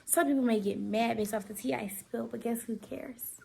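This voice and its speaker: A woman's voice: fairly high pitch, fairly even intonation, moderate pace, gravelly, warm tone, a little hiss or hum. A teenage girl from Georgia, telling a story in a chatty, slangy, playful way in a casual vlog. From Georgia, USA. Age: teens. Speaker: vlogger.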